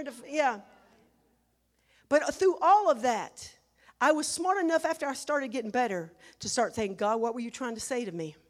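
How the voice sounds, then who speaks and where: High-voiced woman preaching emotionally. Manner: emotional, emphatic, swinging between hushed and loud. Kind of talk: sermon with personal testimony. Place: church.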